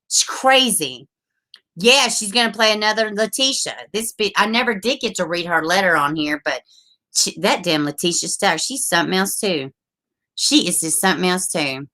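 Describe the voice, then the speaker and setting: A woman's voice: fairly low pitch, expressive, moderate pace, pushed and bright. A woman, hosting a casual livestream, chatting with viewers, laughing often and swearing freely. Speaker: livestream host reading viewer comments.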